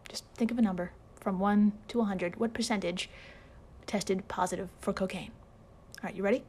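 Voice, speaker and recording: A woman's voice: mid-range voice, fairly even intonation, moderate pace, darkish tone, slightly rough. A woman hosting a podcast in a casual, sarcastic style, swearing and laughing often as she narrates. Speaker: podcast host.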